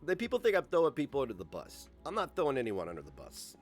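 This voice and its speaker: A man on a livestream who rants with plenty of profanity and biting sarcasm. His pitch swings widely as he picks apart his critics, and he sounds combative throughout. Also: huge pitch swings, fast, soft background music. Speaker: livestream host. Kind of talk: angry ranting livestream.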